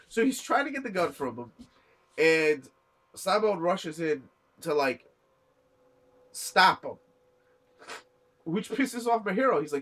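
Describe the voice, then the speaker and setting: A man's voice: on the high side, big pitch swings, unhurried, long pauses, a bit bright. Rambling young man recapping an anime. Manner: rambling, many fillers and restarts, acts out quotes. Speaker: anime reviewer. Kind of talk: casual episode recap.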